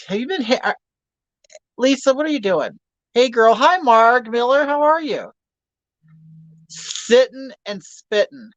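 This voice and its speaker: A man's voice: extremely high pitch, no echo. A man in his fifties chats through a livestream in a campy, gossipy manner, full of crude jokes and chatter. The audio is dry and close, with a dull lo-fi livestream sound. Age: 50s. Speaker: livestream host. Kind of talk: casual livestream chat reading viewer comments.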